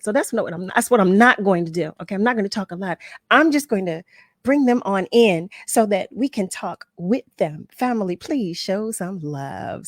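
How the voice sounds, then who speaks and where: Woman radio host, mid pitch, bubbly and rambling, laughs a lot, dry close mic. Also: no room sound. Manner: excitable, laughs often, rambling restarts. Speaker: radio talk show host. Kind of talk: casual talk radio chat.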